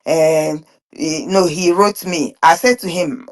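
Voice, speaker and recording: Earnest woman, low-pitched and halting. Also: steady tone. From Nigeria (Biafran region). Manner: halting, repeats and restarts words; earnest, emphatic. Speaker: speaker in an online group discussion. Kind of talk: impassioned spoken commentary.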